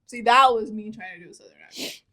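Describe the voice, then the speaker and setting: A woman co-hosting a casual podcast, with a somewhat high voice. She is blunt and sarcastic, teasing her co-host without pausing. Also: sharp tone. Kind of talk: casual chat.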